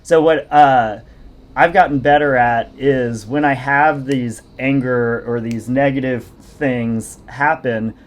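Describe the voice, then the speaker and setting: A man's voice: medium pitch, steady tone, slow pace. A man hosting a podcast, a fitness coach telling long self-deprecating stories in casual conversation. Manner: rambling, self-deprecating storytelling.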